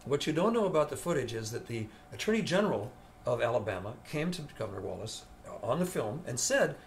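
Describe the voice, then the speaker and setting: An older man, a veteran studio guitarist, telling an animated story in an interview and acting out the voices of the people in it. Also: medium pitch, fast, vocal fry, a little hiss or hum.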